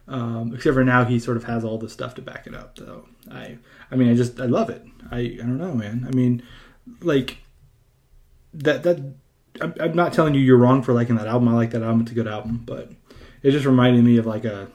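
Rambling, animated man hosting a podcast. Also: mid-range voice, fairly quick. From California. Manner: rambling and animated, lots of fillers and restarts. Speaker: podcast host. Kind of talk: casual podcast chat.

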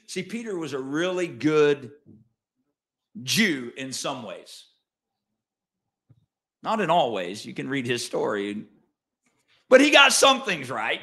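Pastor, male, fairly high voice, dramatic delivery that jumps from soft asides to loud emphasis, conversational questions to the congregation. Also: very animated, measured pace, long pauses. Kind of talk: sermon.

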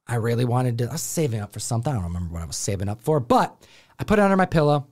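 A Buffalo, New York man hosting a comic book show tells a family story in casual chat, animatedly acting out his relatives' voices. He speaks at a racing pace in a mid-range voice.

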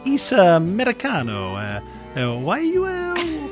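A man putting on a squeaky mock-Italian local. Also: wildly swooping pitch, music in the background, exaggerated voice. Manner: high-pitched, slow, halting exaggeration. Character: Italian man scolding an American tourist.

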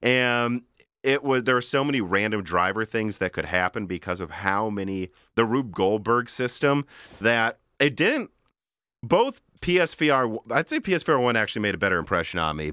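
A man's voice: fairly low pitch, no room sound, clean studio sound. A man co-hosting a podcast, chatting casually and rambling about gaming gear with frequent laughs. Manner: rambling, animated, laughs often. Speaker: podcast co-host. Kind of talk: casual tech chat.

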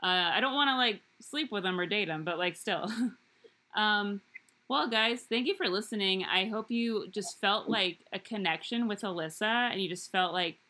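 Bright-voiced, rambling podcast host woman. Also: medium pitch, moderate pace. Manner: rambling, giggly, many fillers. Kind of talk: casual podcast chat.

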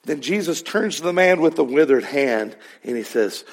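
A pastor preaching a sermon in church, voicing scripture with emphasis and speaking directly to the congregation. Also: male voice, fairly high pitch, animated, normal speed. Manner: preaching to a congregation, acting out God's words with emphasis.

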